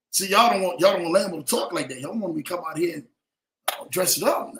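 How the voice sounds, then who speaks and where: A man hosting a casual livestream show, telling stories and giving advice in an animated way, often checking in with his listeners. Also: sits high, brisk, echoey room, a little hiss or hum. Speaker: show host.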